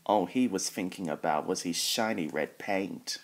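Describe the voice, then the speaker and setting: A man's voice: low voice, a little hiss or hum. A man reading a children's train story aloud, voicing all the characters in his own plain voice. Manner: reads every character in his own voice, slow and even.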